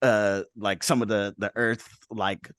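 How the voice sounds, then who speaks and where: A man's voice: fairly low pitch, fairly even intonation, a little slow, a bit bright, smooth, no room sound, studio quality. A man hosting a casual group chat over a video call, talking loosely and rambling, with lots of "like" and "right?". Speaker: show host.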